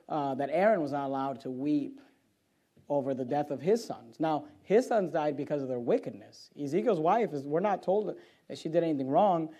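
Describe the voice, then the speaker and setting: High-voiced male preacher, loud then hushed. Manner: swings from quiet low stretches to loud, high-pitched exhortation; reads scripture aloud in old-fashioned phrasing. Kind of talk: evening sermon.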